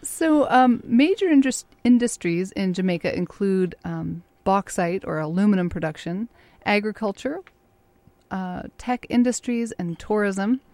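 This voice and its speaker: A woman's voice: mid-range voice, expressive, a little slow, dark tone, no room sound. A woman interviewer asking friendly, prepared questions in a casual interview.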